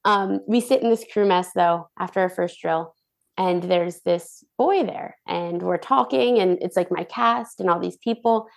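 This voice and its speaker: A young woman, a former cruise ship dancer, telling stories as a guest in a casual interview, bubbly and animated, acting out the voices of people she quotes. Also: on the low side, unhurried, gravelly.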